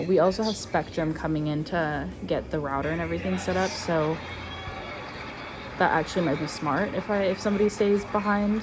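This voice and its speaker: A young adult woman and stay-at-home mom, chatting casually while driving and thinking out loud with lots of filler words. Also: low-pitched. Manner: rambling, talks through her thoughts with many "like"s. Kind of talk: casual chat.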